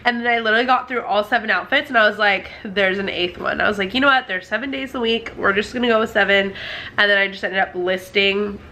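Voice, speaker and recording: Bright-voiced chatty woman vlogging at home. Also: medium pitch, quick pace. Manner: chatty and rambling, many "like" and "um" fillers. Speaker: family vlogger. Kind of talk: casual vlog chat to camera. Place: indoors at home near a running dryer.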